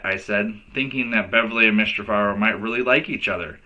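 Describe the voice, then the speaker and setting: A man's voice: fairly low pitch, fairly quick, lo-fi sound. A male teacher reading a children's novel aloud to kids, giving each character a voice. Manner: lively storyteller who voices each character.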